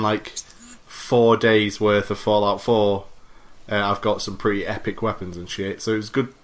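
A man's voice: mid-range voice, a bit bright. A young man chatting casually on a podcast, giving a laid-back, rambling recap of a game he has been playing. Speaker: podcast co-host. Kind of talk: casual chat.

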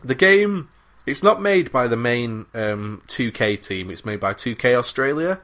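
Expressive and unhurried, this man's medium-pitched voice has a bit of brightness. As a gaming podcast co-host, he keeps up a casual, rambling, excited chat loaded with fillers and swearing.

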